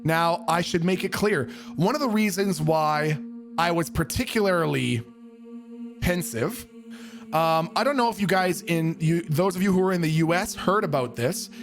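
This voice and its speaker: A man from Canada telling a comic story in an animated, profane way, acting out the voices in it. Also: on the high side, moderate pace, music in the background. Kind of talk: comedic storytelling.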